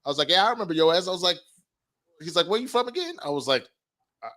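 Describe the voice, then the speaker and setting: A man's voice: on the high side, quick pace. A man co-hosting a comedy podcast, telling profane stories with lots of laughter. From USA. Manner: animated, laughing, profane storytelling. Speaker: podcast co-host. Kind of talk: casual comedic chat.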